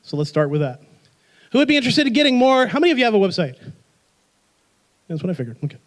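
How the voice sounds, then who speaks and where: A man with a notably high voice presents a workshop to a live audience. He is energetic and playful, and he fires rhetorical questions at the room to keep people involved. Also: fast talker.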